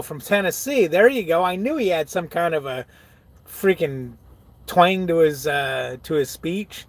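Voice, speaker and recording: Trucker streaming live, a man with a somewhat high voice, casual, profane, quick to laugh. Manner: loose and chatty, swears freely, laughs often; reads viewer comments aloud and answers them.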